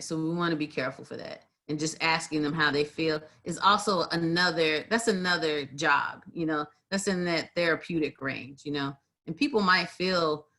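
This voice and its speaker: A woman co-hosting a livestream as a community mediator, chatting casually and telling stories with animated acted-out quotes over a video call. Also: sits low. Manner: animated storyteller, acts out quotes, many fillers. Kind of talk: casual conversational chat.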